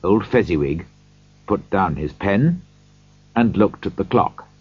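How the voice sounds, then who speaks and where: A man reading a storybook aloud slowly and expressively. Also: low voice, expressive, breathy edge. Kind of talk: storybook narration. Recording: dull dry lo-fi recording.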